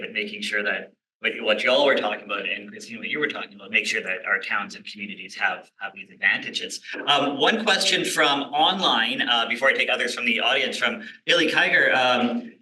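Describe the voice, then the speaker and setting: Male moderator, polite, bright sharp tone, roomy echo. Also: on the low side. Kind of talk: moderating a panel. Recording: echoey conference room.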